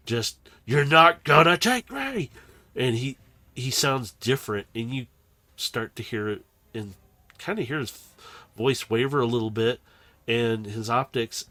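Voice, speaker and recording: Male game master, mid-pitched, dry close sound, faint music underneath. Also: no room sound. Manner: animated, loose, chatty narration. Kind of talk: narrating a tabletop game.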